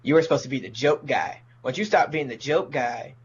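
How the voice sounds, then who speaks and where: A man's voice: mid-range voice, a little fast, lo-fi sound, a little hiss or hum. A man, a comedian, ranting profanely in casual podcast talk and mocking people in put-on voices. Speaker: comedian guest.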